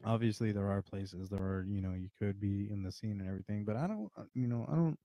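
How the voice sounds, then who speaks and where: Tipsy low-voiced man, rambling. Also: quick pace, warm tone, no room sound. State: drinking, slightly drunk. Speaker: podcast host. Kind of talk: casual solo chat.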